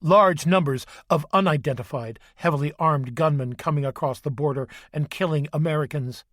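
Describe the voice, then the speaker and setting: A man narrating an audiobook in an even, steady reading voice that sits slightly high. The sound is close and dry, with no room echo. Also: normal speed, hardly any pauses. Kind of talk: scripted narration.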